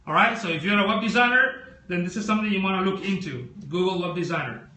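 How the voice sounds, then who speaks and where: High, sharp-voiced chatty man. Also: fast. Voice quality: squeaky voice. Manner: chatty, addresses viewers directly, asks many questions. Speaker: live stream host. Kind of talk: casual live tech walkthrough.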